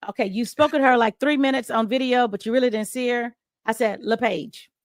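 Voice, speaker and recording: Middle-aged female radio host recounting a story, does all the voices, somewhat high pitch, dry and close. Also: fairly even intonation, fairly quick, dry recording. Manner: acts out quoted dialogue with big pitch jumps. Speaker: radio host and podcast guest. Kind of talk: animated storytelling in an interview.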